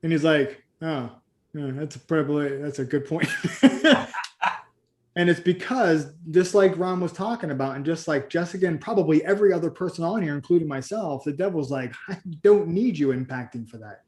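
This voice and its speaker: A man's voice: a little high, brisk, a little mellow. A man leading a live group coaching call, telling stories and acting out the voices of the people in them. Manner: storytelling, acts out quoted voices. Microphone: video call.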